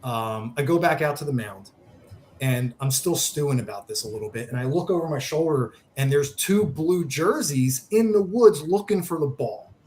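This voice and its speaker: A man's voice: fairly high pitch, moderate pace, a little hiss or hum. A man telling a long sports story in a casual podcast chat, acting out what people said. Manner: animated storyteller, acts out quotes. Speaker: charity founder, guest.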